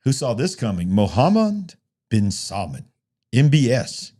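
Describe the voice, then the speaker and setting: A man co-hosting a talk show, giving casual, chatty news commentary that speeds up and slows down. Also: medium pitch, big pitch swings, warm tone.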